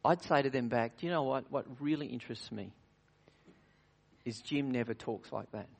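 A man's voice: mid-range voice, normal speed, gravelly. Earnest man preaching a communion sermon. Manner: earnest, varies loudness widely, drops to near-whisper at times; frequent restarts and rhetorical questions. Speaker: pastor.

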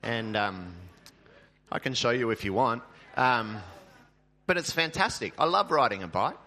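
A man's voice: medium pitch, animated, a little slow, bright, forceful tone. A male pastor giving a sermon in a church in a chatty, joking way, with many filler ums.

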